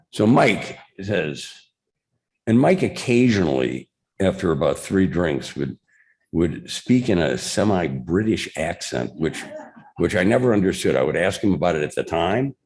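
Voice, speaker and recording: A man's voice: sits low, expressive, moderate pace. An older man from Chicago giving a club talk, telling a barroom story and acting out the voices in it. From Chicago, USA. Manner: anecdotal, acts out quoted voices. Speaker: guest speaker. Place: club meeting room.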